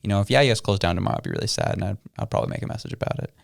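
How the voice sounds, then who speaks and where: A man's voice: fairly low pitch, huge pitch swings, very fast, vocal fry, no echo, studio quality. A man co-hosting a casual political podcast, joking and sarcastic with loose slang. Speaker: podcast co-host.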